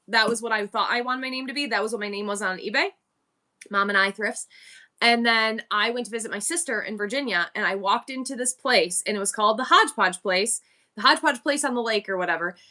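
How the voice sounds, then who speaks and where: A fairly high, bright, forceful woman's voice chats straight to her viewers during a live-selling stream. She is animated and conversational, moving between advice and quick greetings to her audience. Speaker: live-stream seller and show host.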